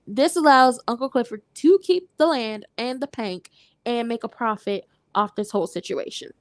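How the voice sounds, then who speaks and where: A woman hosting a casual TV recap, talking in a sassy, animated way and acting out lines from the scenes. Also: a little high, moderate pace, no echo. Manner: animated, sassy, retells scenes with quoted voices. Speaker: recap host.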